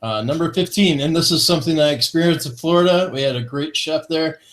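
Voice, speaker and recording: A man's voice: fairly high pitch, brisk. Upbeat man chuckling through a list. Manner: upbeat, chuckling between items, fond of corny jokes. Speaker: co-host of a vaping talk show. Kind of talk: casual chat, reading a list aloud.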